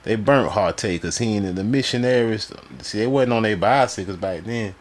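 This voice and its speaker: A man live streaming, reading sources aloud and breaking off into loose, slangy, mocking commentary. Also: lowish voice. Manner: loose slangy talk, quick to laugh and mock.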